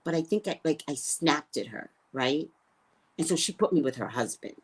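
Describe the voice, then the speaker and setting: A woman who works as a psychic, telling a story in a casual, profane way and swinging between loud and hushed. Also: sits low, animated, moderate pace, breathy edge.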